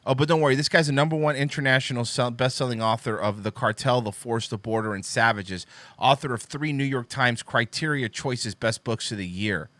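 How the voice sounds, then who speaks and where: A man's voice: medium pitch, fairly quick, a bit bright, no echo. A man hosting a political commentary show, reading posts aloud and mocking them with sarcastic, profane asides. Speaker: host.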